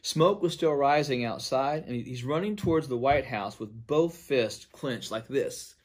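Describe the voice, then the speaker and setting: An earnest male pastor telling of a dream he had. He speaks at a middling pitch and leans hard on some phrases. His voice drops almost to a hush at the ends of others. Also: expressive, measured pace. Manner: earnest, with loudness swinging from emphatic to near-hushed. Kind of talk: recounting a dream to viewers.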